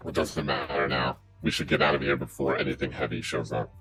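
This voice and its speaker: A man's voice: very deep voice, steady tone, fairly quick, a bit bright, slightly rough, no room sound, faint music behind, pitched below the performer's own voice, exaggerated voice. A man doing a muffled masked thief. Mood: menacing. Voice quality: muffled, modulated. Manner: curt, menacing. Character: masked armored thief, distorted voice modulator. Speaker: game master voicing a villain.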